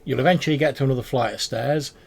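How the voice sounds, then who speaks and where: A man's voice: mid-range voice, very fast, vocal fry, voice pushed up. A man voicing a fawning rat-faced male goblin merchant who stammers through eager sales patter. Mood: chatty.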